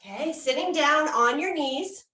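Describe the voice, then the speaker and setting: A woman's voice: high voice, a little slow, sharp tone. A woman leading a guided children's yoga class, speaking in a playful, coaxing way and making animal sounds. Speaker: kids yoga instructor. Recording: echoey room, mic far off.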